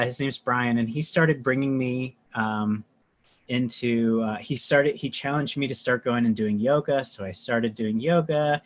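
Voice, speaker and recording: A man, a meditation teacher, guest on a podcast, telling a story in a chatty, animated way with many asides. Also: mid-range voice. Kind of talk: casual storytelling.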